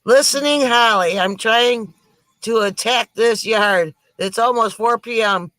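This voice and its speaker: Woman, middle-aged, tipsy live stream host; high, bright, unhurried delivery of corny jokes, dry close sound. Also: no echo. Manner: slow, corny jokes with frequent laughs and sighs. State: tipsy from drinks. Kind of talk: casual live stream joke-telling. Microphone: computer mic for a live stream.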